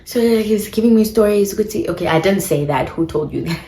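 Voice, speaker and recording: A woman's voice: medium pitch, animated, fast, dark tone, a little hiss or hum. Chatty South African young woman, echoey room. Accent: South African English. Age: young adult. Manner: chatty, addresses viewers, mixes in isiXhosa phrases. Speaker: vlogger. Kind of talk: casual storytime.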